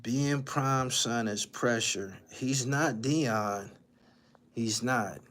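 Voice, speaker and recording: A man's voice: medium pitch, extremely slow, a bit bright. A man hosting a livestream, giving profane, ranting commentary and repeating his lines for emphasis. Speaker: channel host.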